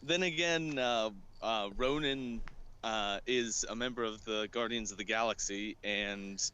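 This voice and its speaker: A man with a bright, forceful voice co-hosts a laid-back podcast. He talks slowly and keeps asking questions to pin down the details. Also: lowish voice, clear, resonant tone. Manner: inquisitive, asks follow-up questions. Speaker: podcast co-host. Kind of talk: casual podcast chat.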